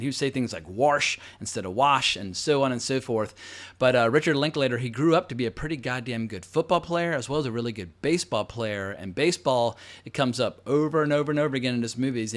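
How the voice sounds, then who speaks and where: A man in his forties hosting casual film commentary, talking in a rambling, conversational way full of asides. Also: mid-range voice. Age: 40s. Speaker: host.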